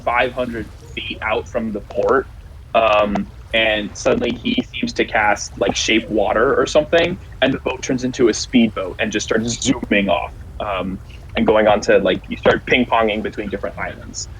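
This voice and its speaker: A man narrating a tabletop game as game master, halting, with many fillers. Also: on the low side, fairly even intonation, fairly bright tone, slight background noise, rough recording.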